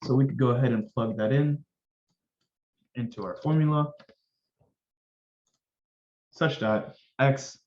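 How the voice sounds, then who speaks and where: Speaking slowly and pausing often, a medium-pitched man gives a relaxed, cheerful finance tutorial recorded from his screen, tossing in jokes as he talks to viewers. The sound is reverberant, and the high frequencies are cut off.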